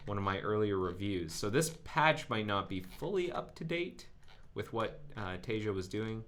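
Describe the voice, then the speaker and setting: A man's voice: lowish voice, lively intonation, moderate pace, a bit bright, a little hiss or hum. A man hosting a live coding stream, thinking aloud as he works through code with frequent ums. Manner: musing and self-narrating, with frequent ums.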